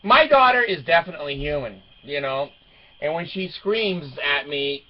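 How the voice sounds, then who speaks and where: Older male vlogger, high-ish voice, joking storyteller, lo-fi recording. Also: expressive, normal speed. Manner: rambling, joking, laughs often. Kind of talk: casual storytelling monologue.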